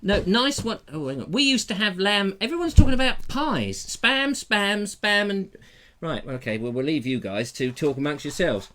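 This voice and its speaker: A man's voice: on the high side, sing-song, moderate pace, a bit bright. English guy hosting a live chat, jokey and rambling, voice bounces all over. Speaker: host of a live stream. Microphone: lapel.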